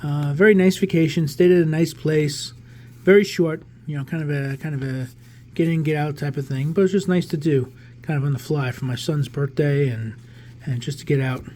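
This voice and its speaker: Opening a pack of cards, this New York-area man in his 40s talks at a normal speed in a voice on the high side. He's a relaxed vlogger who collects cards, rambling and restarting his thoughts as he goes.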